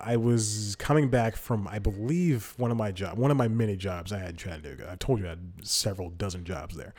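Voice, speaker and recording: His fairly low, slightly mellow voice carries a solo storytelling session on his podcast. The young man rambles casually, keeps correcting himself, and laughs often in the middle of sentences.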